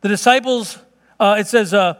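High-voiced preaching man, long hall echo. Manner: emphatic, conversational preaching that drops to hushed, slow tones. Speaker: pastor. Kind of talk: sermon. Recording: long reverb of a large hall.

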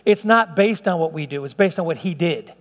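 A man's voice: on the high side, fairly quick, in a large hall. A middle-aged man preaching a sermon in an earnest, conversational way, often restarting his sentences. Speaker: pastor.

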